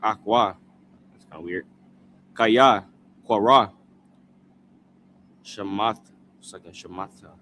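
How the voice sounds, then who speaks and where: Male scripture reader, bright-toned, slow and halting, sounds out words piece by piece. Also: on the low side, a little hiss or hum. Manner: halting, sounding out words, repeating after a prompter. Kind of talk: reading scripture aloud syllable by syllable.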